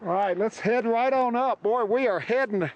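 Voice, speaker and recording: A man's voice: extremely high pitch, normal speed, highs cut off. A man hosting a travel show outdoors on a mountain trail, exclaiming eagerly and a little out of breath. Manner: enthusiastic, exclaiming. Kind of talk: on-location interviewing while hiking.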